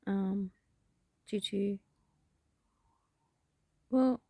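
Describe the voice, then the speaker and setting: A woman's voice: medium pitch, fairly even intonation, drawn-out words, warm tone, dry recording. A woman talking to camera in a rambling, self-reflective vlog monologue, laughing often. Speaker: vlogger.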